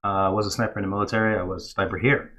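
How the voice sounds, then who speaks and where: A man on a podcast, chatting casually and telling stories, bursting into lively voices as he acts out the people in them. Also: fairly low pitch, very fast. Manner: storytelling, acts out kids' excited voices. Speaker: podcast co-host.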